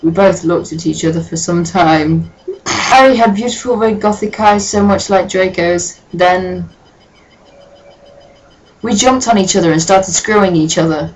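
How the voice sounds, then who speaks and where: A woman's voice: fairly low pitch, measured pace, dull audio, a little hiss or hum. A woman giving a comic reading with sarcastic, profane asides. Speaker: dramatic reader.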